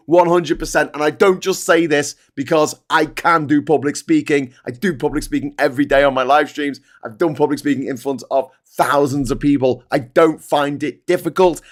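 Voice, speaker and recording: A middle-aged man hosting a live stream, talking in casual, animated, sweary commentary. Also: a little high.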